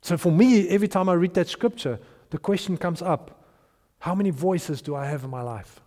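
A man preaching a sermon as pastor, earnest, building emphasis and letting phrases trail off softly. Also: sits high, moderate pace, long reverb tail.

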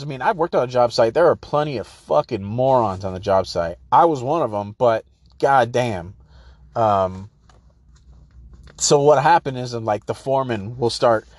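A man's voice: medium pitch, darkish tone, no room sound. A man, hosting a podcast in a heated, profane monologue and sometimes mocking others in put-on voices. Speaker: podcast host. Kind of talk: casual ranting monologue.

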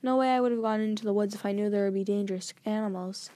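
A woman voicing a sensible, curious teenage girl who speaks in a reasonable, gently persuasive way, close to her own voice. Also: mid-range voice, fairly even intonation, fast, natural voice. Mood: earnest.

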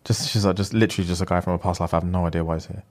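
A man's voice: low voice, very fast. Young man retelling a film. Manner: animated storyteller with slang, acting out the lines. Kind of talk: casual chat, retelling a film.

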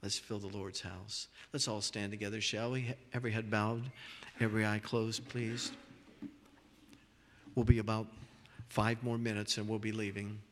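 Earnest pastor preaching in a reverberant church. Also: male voice, fairly low pitch, flat delivery, moderate pace, a little hiss or hum. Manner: earnest, repeats words and restarts phrases. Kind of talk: sermon. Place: church sanctuary. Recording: long reverb of a large church hall.

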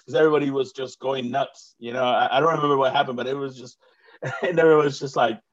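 A man hosts a casual chat, rambling eagerly with frequent "you know"s and restarts. His voice sits at a middling pitch. The recording is dull and muffled. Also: steady tone, quick pace. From Mexico. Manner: rambling, many fillers and restarts, enthusiastic. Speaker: host and comedian.

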